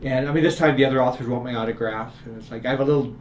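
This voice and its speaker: A man's voice: mid-range voice, rapid-fire, highs cut off. A man telling a personal story as a guest in a casual interview, acting out the quotes as he goes. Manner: animated storyteller, acts out quotes. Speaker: guest author. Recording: roomy with faint noise.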